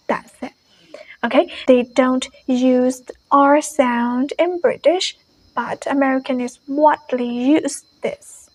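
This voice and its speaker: A woman teaching an English pronunciation lesson, explaining each point in a measured way and repeating every example word twice. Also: sits high, steady tone, rough recording.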